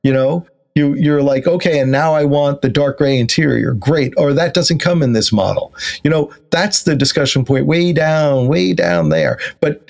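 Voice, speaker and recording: A man hosting a podcast interview, chatting in a lively way with many fillers and restarts. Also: a little high, normal speed, creaky. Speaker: podcast host. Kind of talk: conversational interview.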